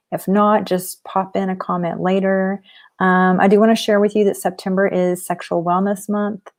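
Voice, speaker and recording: A woman's voice: medium pitch, a little mellow. A woman in her forties from Texas with a Southern twang, a life coach chatting casually on a live stream in an upbeat way with lots of ums. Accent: Texan Southern. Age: 40s.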